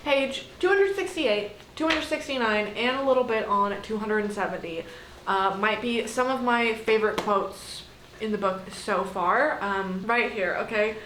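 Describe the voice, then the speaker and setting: A woman's voice: medium pitch, a little slow, a bit bright, slight background noise. A young woman talking casually to camera about a book she is reading, chatty and gushing, swearing freely. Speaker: book vlogger. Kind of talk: casual reading vlog chat. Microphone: camera mic, no external microphone. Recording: echoey room.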